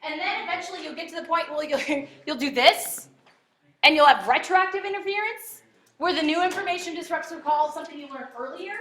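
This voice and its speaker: A woman's voice: high voice, fairly quick, pushed and bright, far from the mic. A woman teacher giving a classroom lecture, chatty and checking in with her students with frequent okays. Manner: conversational, frequent "okay?" check-ins. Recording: very echoey classroom.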